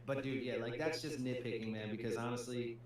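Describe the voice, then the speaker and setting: A man's voice: mid-range voice, fairly quick. A man co-hosting a gaming stream, chatting casually and peppering his talk with "dude" and "man". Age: adult with a young child. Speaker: gaming channel co-host. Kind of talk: casual livestream chat. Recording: echoey room with faint hum.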